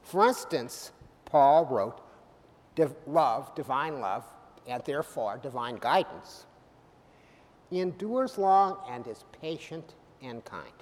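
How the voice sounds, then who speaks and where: A middle-aged man preaching a sermon, animated and humorous, swinging from loud bursts to soft, quiet lines. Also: mid-range voice, slow. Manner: humorous asides. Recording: hall reverb.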